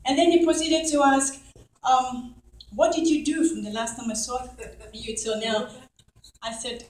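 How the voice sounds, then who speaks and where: A middle-aged woman telling a church congregation a testimony, animated and acting out the lines of the people in her story. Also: sits high, a little slow. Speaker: church member giving testimony. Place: church hall. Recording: echoey hall, from far off.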